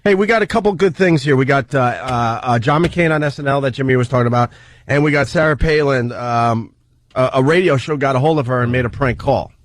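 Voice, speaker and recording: A male radio host steering casual banter in a loose way, stumbling through fillers and breaking into laughs. His voice sits at an ordinary middle pitch. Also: fairly quick.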